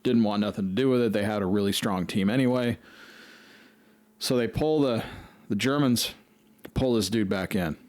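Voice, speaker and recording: A man's voice: fairly low pitch, normal speed, a little mellow, no echo. A man hosting a podcast, telling a rambling, profane story in casual chat. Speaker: podcast host.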